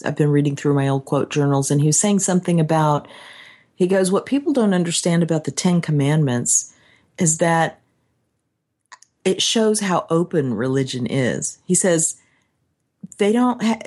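A woman in casual conversation about a book she read, animated and acting out quotes. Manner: animated, acts out quotes with raised pitch. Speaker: book discussion co-host.

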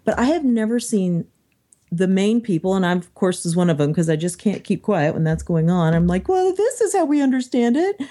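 A woman co-hosting a casual discussion podcast, chatty and lively when she quotes other people. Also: fairly low pitch, fairly quick. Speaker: podcast co-host.

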